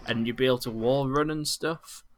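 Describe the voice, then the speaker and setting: A man's voice: mid-range voice, fairly even intonation, moderate pace, a little hiss or hum. A man co-hosting a podcast, joking and giggling as he reads out listener comments and stumbles over words. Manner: giggly, jokey, stumbles when reading. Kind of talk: casual podcast banter.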